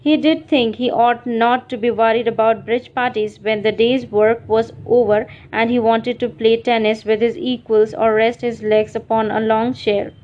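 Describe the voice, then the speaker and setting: A woman reading a novel aloud in a measured, even audiobook narration. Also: a little high. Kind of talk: scripted literary narration. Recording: dull lo-fi audio.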